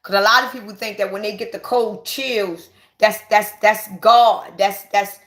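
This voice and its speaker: A woman, giving an excited, emphatic spiritual monologue to her viewers and repeating herself for stress. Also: mid-range voice, a little slow. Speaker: spiritual vlogger. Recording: echoey room.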